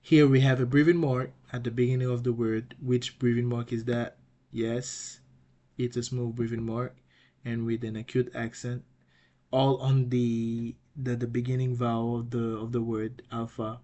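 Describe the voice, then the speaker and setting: A man teaching an online language lesson. He often restarts and repeats words, and he says example words loudly twice. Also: mid-range voice, level tone. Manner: halting, restarts and repeats words while explaining.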